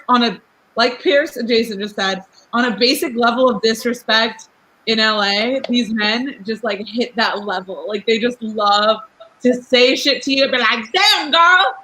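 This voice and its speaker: A woman's voice: fairly high pitch, sharp tone, low-quality recording. A young woman in her twenties talking in a casual podcast chat as a guest. She is outspoken, laughs often and fills her talk with "like". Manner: fast, chatty, lots of "like" fillers. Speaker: guest, rapper.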